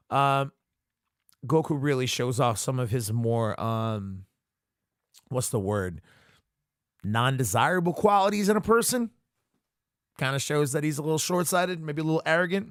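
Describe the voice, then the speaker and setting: A man's voice: fairly high pitch, no echo, studio quality. A man hosting a podcast alone, talking casually through an episode recap, cursing often and joking as he rambles. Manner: profane, jokey, rambling commentary. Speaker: podcast host.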